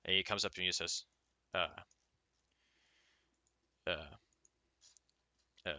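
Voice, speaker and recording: A man narrating a tabletop game as game master, halting often with filler sounds as he goes. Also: low-pitched, flat delivery, bright, forceful tone, smooth.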